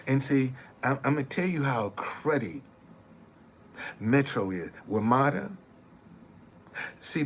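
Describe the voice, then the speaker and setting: A man's voice: mid-range voice, slight background noise. A middle-aged man, a former bus driver, telling his story in casual, emphatic talk and repeating his points.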